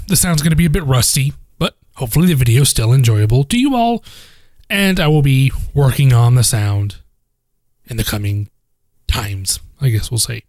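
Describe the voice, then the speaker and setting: A young man hosting a casual home cooking vlog, rambling, joking and swearing, recorded on a lavalier mic in a kitchen. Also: medium pitch. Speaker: cooking vlogger. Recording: fridge hum in the background.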